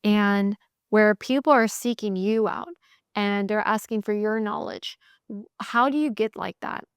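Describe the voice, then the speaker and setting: A woman's voice: mid-range voice, a little slow, clean tone, no room sound, clean studio sound. A woman host giving a candid, motivational solo talk, emphatic and repeating phrases in bursts. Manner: candid, swears casually. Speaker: sales coach podcast host.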